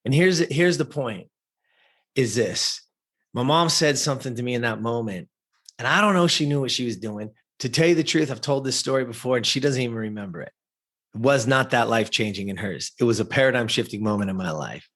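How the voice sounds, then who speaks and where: A man's voice: medium pitch, fairly quick, fairly bright tone. A man, a podcast guest, telling an emotional personal story and addressing listeners directly.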